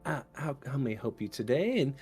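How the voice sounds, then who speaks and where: A man's voice: medium pitch, very animated, a little fast, breathy edge, voice pushed up, exaggerated voice. A man voicing a timid, stammering elven librarian woman. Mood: meek, polite. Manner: soft, stammering, polite.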